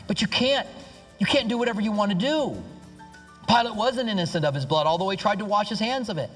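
A man preaching a sermon as pastor, emphatic, dropping to hushed low tones and rising to excited outbursts. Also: a little fast, faint music behind. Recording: long hall reverb.

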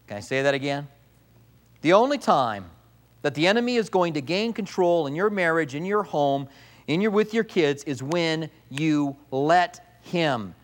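A man preaching a sermon as a pastor, animated, acting out voices in quotes and repeating key lines for emphasis. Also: sits high.

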